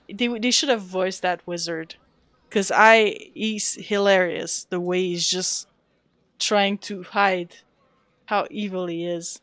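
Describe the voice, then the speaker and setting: A woman's voice: fairly low pitch, fairly even intonation, takes it slowly, a bit bright, no echo, soft background music. A woman streaming a role-playing game, chatting casually and thanking her viewers. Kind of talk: casual live-stream chat while playing.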